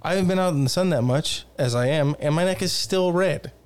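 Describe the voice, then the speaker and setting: A man co-hosting a podcast, telling stories in a casual, profane, animated way. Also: a little high, brisk, smooth. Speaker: podcast co-host. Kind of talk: casual chat.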